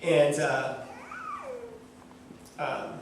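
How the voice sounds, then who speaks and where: A man sharing the story of adopting his son to an audience, animated and laughing as he acts out what people said. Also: fairly high pitch, very slow. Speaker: adoptive father sharing testimony. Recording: echoey room from far off with noise.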